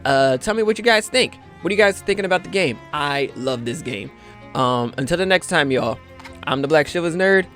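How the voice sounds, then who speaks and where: A man hosting a let's-play gaming video, giving upbeat, excitable commentary and a sign-off. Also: fairly high pitch, a little fast, faint music behind. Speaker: gaming channel host.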